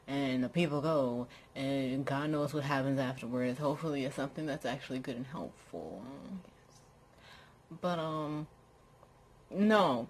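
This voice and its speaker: Low-voiced woman ranting sarcastically. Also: slight background noise, rough recording. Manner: exasperated, sarcastic, mocks others in high put-on voices. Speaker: vlogger. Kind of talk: casual rant to camera. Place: at home, lying in bed.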